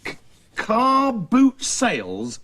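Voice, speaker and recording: A man's voice: very high-pitched, huge pitch swings, very slow, fairly bright tone, dry recording. A man hosting a comic children's puppet show, fussing and exasperated as he keeps giving in.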